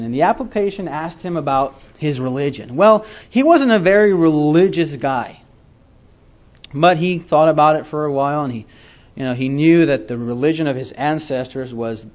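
A man's voice: on the high side, animated, normal speed, a little mellow. A male pastor delivers a sermon in a folksy storytelling manner, often turning to speak straight to his congregation. His voice sits a little above the usual male range. The recording is somewhat dull and lo-fi.

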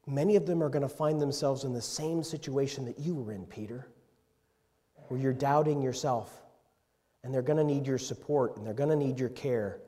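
A man preaching a sermon, moving between loud emphatic passages and hushed, tender ones. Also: medium pitch. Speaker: pastor. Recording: long reverb in a hall.

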